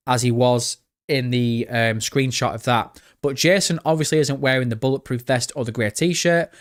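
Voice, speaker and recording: A man chatting casually with his livestream chat, swearing freely and talking straight to viewers. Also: mid-range voice. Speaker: livestream host.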